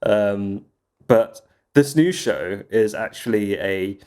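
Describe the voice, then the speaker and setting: A man's voice: on the low side, slow, darkish tone, clean tone. A man co-hosting a casual podcast chat, rambling through stories and laughing often. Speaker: podcast co-host.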